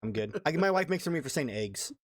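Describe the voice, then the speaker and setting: A man's voice: on the high side, animated, quick pace, no room sound, clean studio sound. A man from California co-hosting a casual podcast, blunt and swearing freely. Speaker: podcast co-host. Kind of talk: casual chat.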